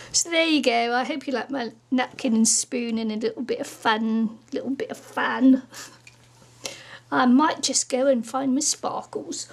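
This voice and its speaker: High, gravelly-voiced woman crafting vlogger. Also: unhurried. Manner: chatty, giggly, talks while working. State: losing her voice. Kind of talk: casual crafting tutorial chat.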